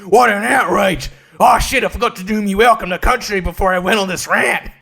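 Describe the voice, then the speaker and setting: Name: a huffy, self-righteous online commenter, mocked by a man. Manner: melodramatic, indignant, mocking. Pitch: fairly high. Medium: podcast bit. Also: brisk, creaky, pushed and bright, exaggerated voice. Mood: mock outrage.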